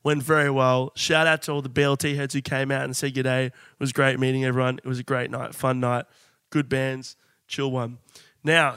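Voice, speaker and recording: A man co-hosting a casual comedy podcast, jokey and quick to laugh. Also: medium pitch, fairly bright tone, smooth, no echo, studio quality. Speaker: podcast co-host.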